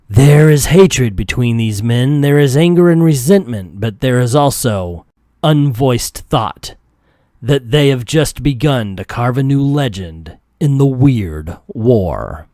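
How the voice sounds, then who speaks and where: A man's voice: mid-range voice, expressive, takes it slowly, warm tone, dry recording, studio quality. A man hosting a casual comic book recap, narrating the story in a jokey, self-mocking way. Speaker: comic book channel host.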